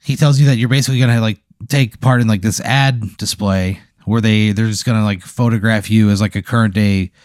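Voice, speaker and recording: A man improvising a rambling comic hypothetical in casual chat, dropping to a low deadpan for punchlines. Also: brisk, few pauses, no echo, clean studio sound. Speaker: podcast host telling a hypothetical.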